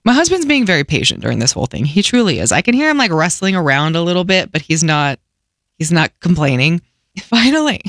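A young adult woman hosting a radio show, telling a funny story in a casual, lively way and acting out voices. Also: deep voice, quick pace, no room sound, clean studio sound.

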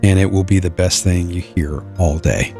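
A man's voice: sits low, steady tone, normal speed, dark tone, soft background music. Earnest male radio host. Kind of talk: radio show segment.

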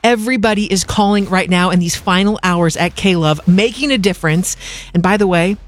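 A woman hosting a radio fundraising drive, upbeat and urgent, slowing right down whenever she reads out the phone number. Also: fairly low pitch. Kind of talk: on-air fundraising appeal.

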